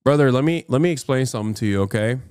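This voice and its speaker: Man, American accent, live-stream reaction rant, profane, mocking, mid-pitched, dry close desk mic. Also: lively intonation, very fast, darkish tone, smooth, no echo. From United States.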